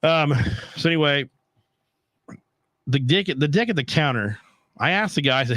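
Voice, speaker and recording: A young man, the host, telling a travel story in an animated, profane rant. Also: fairly high pitch, normal speed, long pauses, dry recording. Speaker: podcast host. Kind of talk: casual storytelling.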